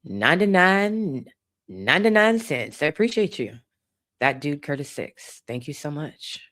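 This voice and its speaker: A woman's voice: deep voice, big pitch swings, a little slow. Chatty woman livestream host. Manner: warm, chatty, swears casually. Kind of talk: casual livestream chat, reading viewer donations.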